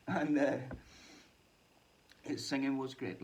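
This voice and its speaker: A man's voice: mid-range voice, steady tone, slow, pauses often. A man talking in a casual, rambling monologue, swearing a lot, laughing often and trailing off mid-thought. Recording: distant mic with faint ambient noise.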